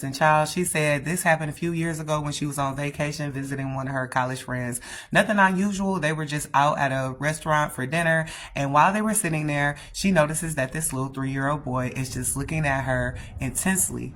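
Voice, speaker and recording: A woman telling a spooky story in a lively, expressive way, talking straight to the listener. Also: deep voice, a little hiss or hum. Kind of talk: dramatic scary story narration.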